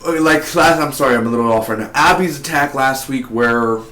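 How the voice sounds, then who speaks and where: A man giving a casual spoiler review of a TV episode, talking in an excitable, rambling way with lots of fillers and restarts. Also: mid-range voice, a little fast. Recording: echoey room.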